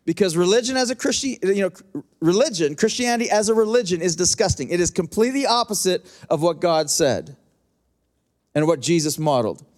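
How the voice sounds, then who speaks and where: Pastor, male, high-pitched voice, fiery emphatic sermon delivery. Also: expressive, brisk, darkish tone. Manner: passionate, emphatic preaching with repetitions and asides to the congregation.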